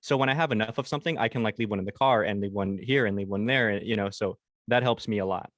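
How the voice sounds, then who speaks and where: A man's voice: fairly low pitch, quick pace, dry recording, studio quality. A man, a dog trainer and guest podcaster, chatting casually and rambling with many fillers.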